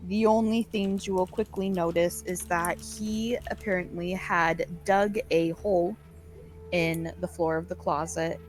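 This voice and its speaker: A woman narrating as game master of a tabletop game, in a loose, filler-heavy way. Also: fairly low pitch. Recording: with faint background music.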